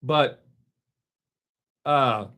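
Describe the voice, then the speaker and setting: A man's voice: medium pitch, drawn-out words, a bit bright. A man hosting a casual live stream, answering viewer comments in a blunt, opinionated way.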